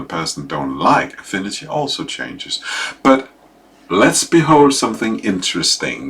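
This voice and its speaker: Male lecturer, slow and halting, lots of fillers, bright tone. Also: deep voice. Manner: hesitant, with many fillers and restarts; animated, acting out examples. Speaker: teacher.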